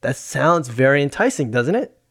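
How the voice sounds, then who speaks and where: A man's voice: mid-range voice, sing-song, normal speed, a bit bright, breathy edge. Methodical man explaining stocks. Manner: patient, methodical, explains finance terms. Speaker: podcast host, investor. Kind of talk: casual explanatory chat.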